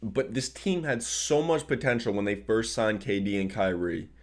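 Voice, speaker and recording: Low-voiced guy venting about his team, swears a lot, says bro. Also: moderate pace. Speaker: sports vlogger. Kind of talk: casual sports rant.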